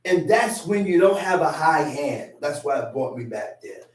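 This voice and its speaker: A man's voice: on the high side, lively intonation, normal speed. Preacher man in an echoey room. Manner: storytelling, acts out voices in quotes. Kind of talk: sermon with personal story. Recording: echoey room, mic at a distance.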